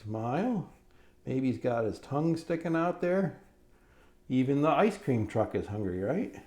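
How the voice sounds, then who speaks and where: A middle-aged man walks children through a drawing lesson step by step. He speaks slowly and encouragingly, with a warm, mellow tone. His voice stays at a moderate pitch as he keeps checking in with his young audience. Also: very animated. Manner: friendly, encouraging, asks "right?" often. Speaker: cartoonist teaching drawing.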